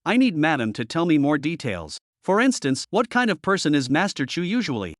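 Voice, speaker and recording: A slick young doctor with a scheming streak, voiced by a man, speaking with put-on gentle concern and a lively, rising and falling pitch. The storybook read is close and dry, with no room sound at all. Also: brisk, no echo. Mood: gentle probing. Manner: feigned righteous concern.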